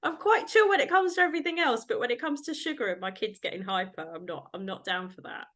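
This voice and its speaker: A woman's voice: fairly high pitch, lively intonation, fast, fairly bright tone. A woman in her thirties hosting a podcast, chatting casually and laughing often as she tells family stories. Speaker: podcast host. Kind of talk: casual chat.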